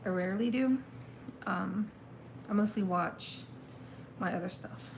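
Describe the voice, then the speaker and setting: A woman reads tarot cards in a loose, chatty way, mulling things over out loud. Her voice sits in an average middle pitch. A faint hum of room ambience stays in the background. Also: measured pace, vocal fry, low-quality recording. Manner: chatty, thinks aloud, exclaims at the cards. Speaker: tarot reader. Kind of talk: casual live tarot reading.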